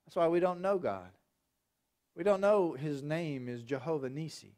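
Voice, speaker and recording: Pastor, high voice, lively story-driven sermon. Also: male voice, normal speed. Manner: animated storytelling with acted voices. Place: church.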